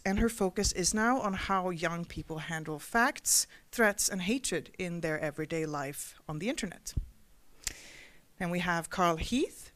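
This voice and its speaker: A woman moderating a panel discussion, reading an introduction in a measured way. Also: fairly low pitch, fairly bright tone. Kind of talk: scripted introduction, then moderating.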